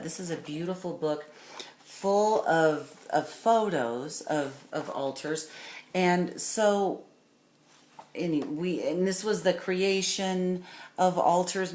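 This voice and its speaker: A woman giving a recorded course lecture, talking in a rambling, enthusiastic way with many fillers and restarts. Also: sits low. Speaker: course instructor. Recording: echoey room with faint noise.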